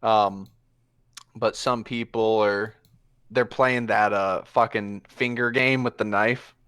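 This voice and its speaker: Slow-talking, profane game master man. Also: fairly low pitch, steady tone, a bit bright, clear, resonant tone, dry recording. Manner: casual, profane, full of fillers. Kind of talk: narrating a tabletop game.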